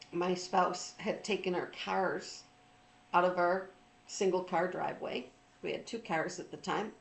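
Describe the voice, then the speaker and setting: A middle-aged woman telling a personal story in an informal, reflective talk, pausing often with ums and restarts. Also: lowish voice, vocal fry, roomy sound, rough recording. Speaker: trauma recovery speaker.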